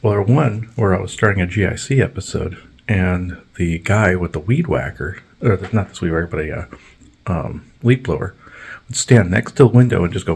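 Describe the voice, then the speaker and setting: A man's voice: low voice, normal speed, creaky, husky. A man hosting a podcast, telling long, rambling stories in a blunt, profane way, full of fillers. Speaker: podcast host. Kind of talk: casual storytelling on a podcast.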